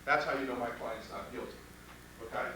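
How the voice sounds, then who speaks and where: A man's voice: mid-range voice, brisk, bright, forceful tone, slight background noise. A man teaching trial lawyers in a live workshop, blunt and profane, firing off rhetorical questions. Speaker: criminal defense trial instructor. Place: training room with audience. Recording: echoey room from a distance.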